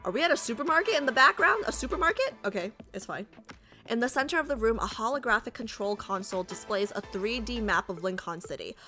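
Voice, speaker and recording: A woman's voice: fairly high pitch, lively intonation, fast, sharp tone, soft background music. A woman casually reading a game story aloud, breaking off for chatty, joking asides.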